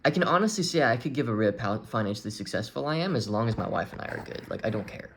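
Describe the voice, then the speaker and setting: A young man speaking candidly to his audience, earnest and open, with halting restarts as he searches for words. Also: medium pitch, lively intonation, a bit bright, slight background noise. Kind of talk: candid personal confession.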